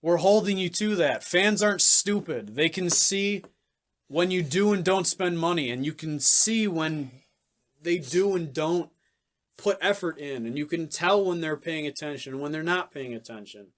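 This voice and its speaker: A man's voice: a little high, expressive, a little slow. A man co-hosting a sports podcast in casual chat, blunt and ranting, swearing freely as he makes his case. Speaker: podcast co-host.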